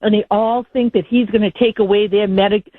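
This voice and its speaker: Woman caller on a tinny phone line, rambling and fed up, mid pitch. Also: steady tone, a little fast, no echo. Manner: indignant, rambling, frustrated. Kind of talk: call-in talk radio.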